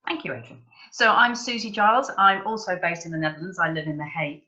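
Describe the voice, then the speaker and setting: A woman's voice: on the low side, expressive, fast talker, bright, forceful tone. A woman communications consultant introducing herself on a webinar panel over a video call. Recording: dull lo-fi call audio.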